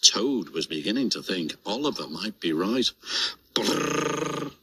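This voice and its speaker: A British man narrating a children's storybook with a lively, expressive reading voice. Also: sits low, moderate pace, background noise.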